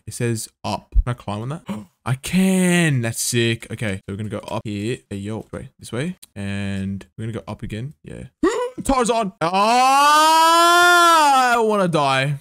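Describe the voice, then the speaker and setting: A man giving live gameplay commentary, excitable and swearing under his breath, with sudden gasps and outbursts. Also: medium pitch, moderate pace, hardly any pauses, no echo, clean studio sound. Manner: mutters to himself, swears when frustrated. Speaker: gaming video creator.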